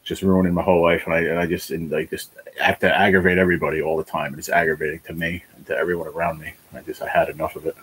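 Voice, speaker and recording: A man's voice: low-pitched, little pitch movement, racing, a bit bright, a little hiss or hum, rough recording. A man hosting a casual livestream chat, worn down by illness, rambling and swearing as he vents his frustrations. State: ill, worn down. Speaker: livestream host.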